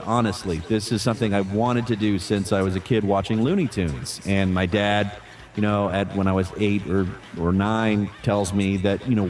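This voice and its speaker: Answers to interview questions come from a male voice actor with a lowish voice, who keeps things loose and talkative with frequent fillers and restarts.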